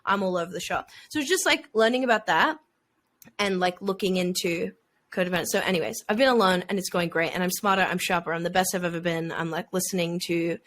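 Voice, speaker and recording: A woman's voice: fairly low pitch, fast, fairly bright tone. A woman, co-hosting a podcast in a chatty, casual way with lots of "like" fillers. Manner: chatty, frequent "like" fillers, bursts of laughter. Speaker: podcast co-host. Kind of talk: casual chat.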